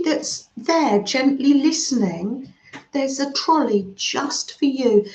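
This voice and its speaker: Livestream host: woman, higher voice, unhurried and cooing, recorded a little dull in an echoey room. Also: animated. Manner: gentle, chatty, cooing and murmuring. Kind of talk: casual chat reading live comments.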